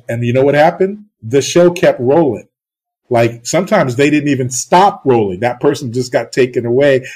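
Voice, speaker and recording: A man's voice: mid-range voice, a little mellow, slightly rough. A middle-aged TV producer from the US East Coast, telling blunt, profane stories in a casual interview and acting out the exchanges he quotes.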